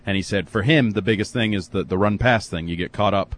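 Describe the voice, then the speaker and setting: Man, low voice, radio co-host, relaxed, faint background noise. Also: fast. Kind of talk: casual talk radio.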